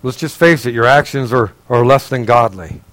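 A male pastor preaching in a conversational, earnest way, asking the congregation direct questions and swinging between raised, emphatic passages and quiet, low asides. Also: moderate pace, no echo, poor audio. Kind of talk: sermon.

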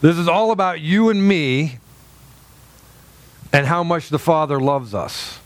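A man's voice: fairly high pitch, unhurried, no echo. A middle-aged man preaching a sermon as a pastor, telling a story in a loose, conversational way with many fillers and restarts.

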